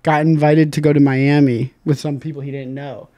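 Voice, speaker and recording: A young man from Indiana telling a story on a podcast in casual, animated style, acting out his friends in loud high voices and swearing freely. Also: normal speed, dry recording, clean studio sound. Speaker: podcast guest.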